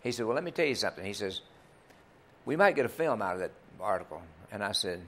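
A man's voice: lowish voice, very animated, fast, a bit bright. Folksy older man telling stories. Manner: folksy, rambling anecdotes with many fillers. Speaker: country singer and club owner, interview guest. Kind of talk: storytelling in a TV interview.

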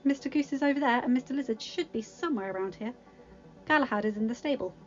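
A woman's voice: high voice, fast, darkish tone, muffled recording, soft background music, close to an everyday voice. A woman reading aloud, voicing a kind, shy young woman who talks eagerly to her animal friends. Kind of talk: storybook reading.

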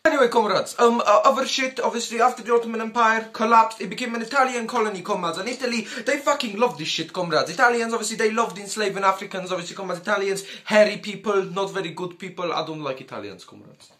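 High-voiced man swearing through comedic history. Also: quick pace, few pauses, sharp tone. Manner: crude, profane and joking, calls the audience comrades. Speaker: YouTuber.

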